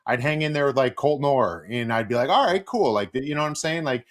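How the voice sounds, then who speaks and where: A middle-aged former player, now an analyst, is chatting as a guest. He spins anecdotes with energy and jumps up in pitch when he acts out what people said. His voice sits at an everyday middle pitch. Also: fast. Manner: animated, acts out quotes with big pitch jumps. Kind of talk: casual interview storytelling.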